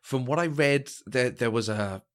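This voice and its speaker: A man's voice: medium pitch, moderate pace. A man co-hosting a podcast, chatting casually about a film and often restarting his sentences as he thinks. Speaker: podcast co-host.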